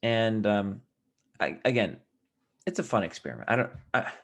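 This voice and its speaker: A man with a fairly low voice tells his story in a loose, rambling way, restarting his sentences and sinking into a quiet mutter. He sounds a bit tired as he talks straight to his viewers. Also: lively intonation, moderate pace, creaky. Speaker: vlogger. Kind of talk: casual storytelling to camera.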